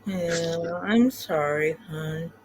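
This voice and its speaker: Soft-spoken, sympathetic woman livestream host. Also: deep voice, extremely slow, noisy background. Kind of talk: casual livestream chat.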